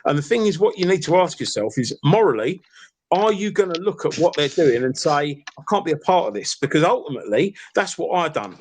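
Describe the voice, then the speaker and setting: Insistent high-voiced man. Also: big pitch swings, brisk, a little mellow, slight background noise. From East London. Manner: rambling and insistent, heavy fillers, calls others fella and mate. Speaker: participant in an online call-in argument. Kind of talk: heated casual argument.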